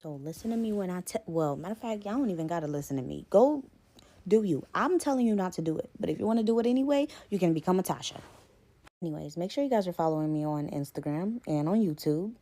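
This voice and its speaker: Low, mellow woman warning viewers. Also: animated, fast talker. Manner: direct, addresses viewers as y'all, warning tone. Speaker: storyteller. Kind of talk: casual storytime vlog.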